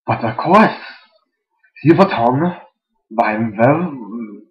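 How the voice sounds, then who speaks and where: A man voicing a bossy rich young filly with a mock German-British accent, loud and pompous, on a dull lo-fi home mic. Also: medium pitch, lively intonation, slow. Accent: mock German-British mix.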